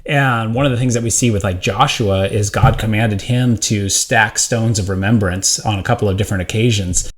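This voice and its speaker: A man's voice: fairly low pitch, moderate pace, hardly any pauses. Reflective male podcast co-host. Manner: reflective, steady, draws on scripture. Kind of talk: casual discussion.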